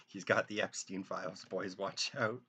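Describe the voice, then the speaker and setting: Low-voiced joking man streaming. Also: level tone, a little slow, pushed and bright, husky. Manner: joking, self-deprecating, thinking aloud. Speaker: streamer drawing for viewers. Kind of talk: casual live-stream chat.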